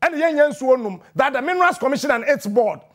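A Ghanaian man in midlife rants on air as a morning radio host, his voice pitched very high. He mocks and repeats himself for emphasis, often breaking into shouts. His voice leaps up and down constantly through the tirade in a studio. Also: expressive, quick pace. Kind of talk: fiery on-air rant.

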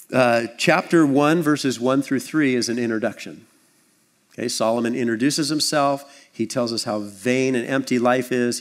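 A pastor delivers a sermon in a conversational, animated style, his voice sitting in the mid-range. He acts out little scenes and voices and tosses in asides along the way.

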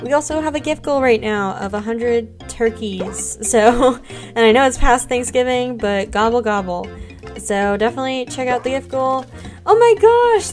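Bubbly young woman streamer, slightly high voice. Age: young adult. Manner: bubbly, gushing thanks to chat. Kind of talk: casual live-stream chat while gaming.

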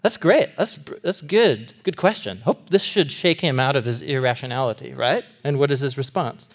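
Animated man teaching with comic flair. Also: medium pitch, normal speed. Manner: animated and comic, laughing as he tells the story. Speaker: Bible teacher. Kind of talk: teaching a sermon series to a live group.

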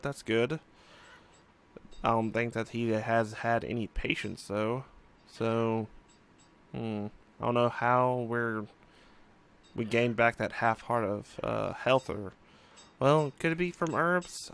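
Slow, smooth-voiced man musing aloud. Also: medium pitch, a bit bright. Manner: musing, thinking aloud with frequent fillers. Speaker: let's play host. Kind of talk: casual gameplay commentary.

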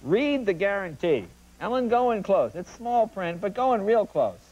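A man hosting a talk show, running a comedic monologue of joke headlines with animated punchlines and asides to the audience. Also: high-pitched, normal speed, dull audio. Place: TV studio stage. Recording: TV studio with audience laughter and noise. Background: studio audience laughter.

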